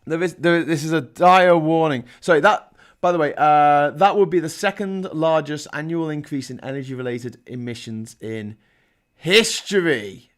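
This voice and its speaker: A Liverpool man with a Scouse accent runs a live call-in stream, chatting and reading news headlines with sarcastic asides. His voice is on the high side at a moderate pace.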